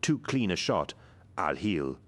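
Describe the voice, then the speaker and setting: A man's voice: sits low, sing-song, takes it slowly, a bit bright, exaggerated voice. A man voicing a wounded, tough male soldier who speaks in a strained, pained drawl.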